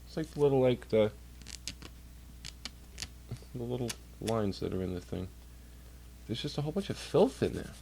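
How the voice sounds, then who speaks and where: A man's voice: mid-range voice, lively intonation, normal speed, creaky, long pauses, noisy background. A man chatting casually on a livestream from home, rambling and swearing while doing chores. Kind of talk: casual rambling stream chat. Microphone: computer mic while streaming.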